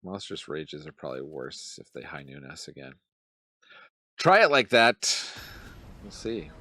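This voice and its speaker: A man's voice: very deep voice, sing-song, unhurried, pushed and bright, no room sound, studio quality. A man giving casual gameplay commentary as a channel host, muttering his thoughts aloud while he plays.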